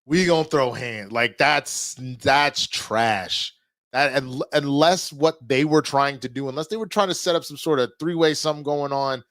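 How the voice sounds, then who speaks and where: A man streaming live, chatting casually with his viewers, reading their messages and reacting loudly to clips. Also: mid-range voice, normal speed, no room sound. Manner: animated, reacts loudly to clips and reads chat.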